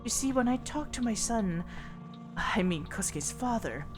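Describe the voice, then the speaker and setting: A tender elderly grandmother in a game, speaking slowly and with a put-on accent, as a woman streamer plays her. Her voice sits higher and rises and falls widely. Game music plays behind her. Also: animated. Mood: worried, tender. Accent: put-on foreign accent. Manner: slow, soft-spoken and tender. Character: kindly elderly grandmother, gentle and worried.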